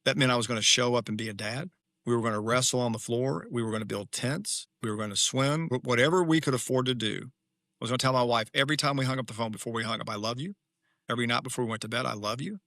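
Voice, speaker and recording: A man's voice: medium pitch, rapid-fire, fairly bright tone, dry recording, studio quality. A middle-aged man, a podcast guest and author, speaking in an earnest, emphatic, reflective interview manner. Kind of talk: candid interview talk.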